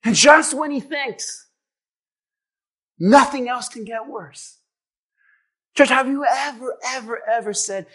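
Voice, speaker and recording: Male preacher, very high and bright, dramatic delivery with shouted peaks. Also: slow pace, pauses often. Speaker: pastor. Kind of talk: sermon.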